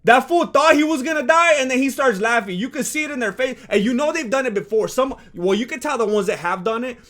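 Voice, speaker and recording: A man hosting a reaction video, commenting on footage in a slangy, rhetorical way and swinging between low asides and loud outbursts. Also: lively intonation, quick pace. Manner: slangy and rhetorical, calls people "fool".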